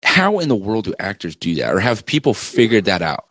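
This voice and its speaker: A man's voice: on the low side, big pitch swings, a little fast, a bit bright. A man co-hosting a sports podcast, chatting in an easygoing way. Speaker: podcast co-host. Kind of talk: casual sports chat.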